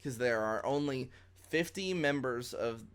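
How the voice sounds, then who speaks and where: A podcast co-host recaps episodes in loose, casual chat, rambling, laughing, and acting out lines. He has a clear, resonant mid-range voice and keeps a measured pace.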